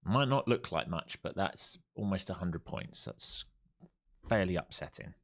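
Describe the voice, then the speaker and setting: Man giving live trading commentary, low voice. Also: a little slow, gravelly. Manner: swings from calm chart talk to exasperated outbursts at the market. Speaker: live-streaming day trader.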